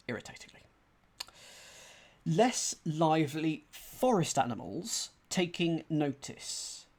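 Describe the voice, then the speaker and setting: A man streaming a crossword solve, thinking aloud in a chatty, self-deprecating way and reading clues out slowly. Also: fairly high pitch, darkish tone, husky. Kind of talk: casual thinking-aloud commentary.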